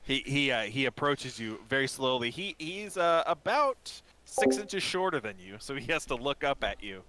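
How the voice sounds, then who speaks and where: A man's voice: medium pitch, big pitch swings, normal speed, heavy background noise. A man narrating as game master in a casual, filler-heavy way.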